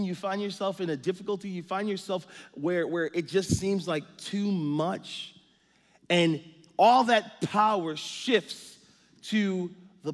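A man in his thirties, a pastor giving an energetic, joking sermon with many stories. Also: a little high, in a large hall.

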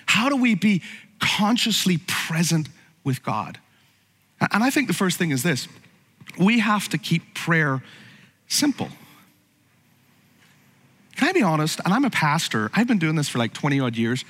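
A man's voice: fairly high pitch, big pitch swings, a little slow, long pauses, a bit bright, breathy edge, long reverb tail. A man preaching a sermon as pastor, conversational and humorous, with frequent asides to the congregation.

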